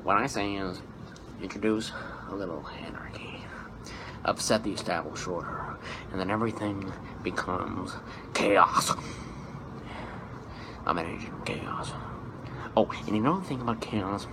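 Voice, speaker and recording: A man impersonating an unhinged male comic-book villain in a low hissing half-whisper with sudden manic outbursts. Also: a little slow, long pauses. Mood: menacing.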